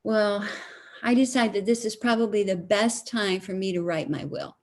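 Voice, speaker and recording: A middle-aged woman telling a comic story in an animated, self-mocking way. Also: mid-range voice, moderate pace. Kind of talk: comic storytelling at a live stream concert.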